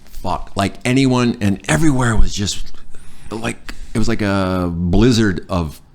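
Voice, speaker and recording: Deep-voiced swearing storyteller man. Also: a little slow, gravelly. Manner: profane, animated storyteller who acts out quotes. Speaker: podcast guest. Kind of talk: casual storytelling.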